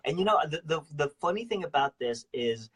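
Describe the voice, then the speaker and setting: A man hosting a casual live-stream chat. He is animated, laughs often and repeats words as he talks. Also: fairly high pitch, a little fast, breathy edge. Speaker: host.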